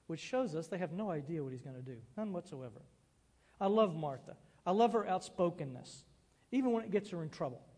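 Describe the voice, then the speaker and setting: A man preaching a sermon as pastor, expressive and acting out quoted lines. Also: on the high side, a little fast, long reverb tail.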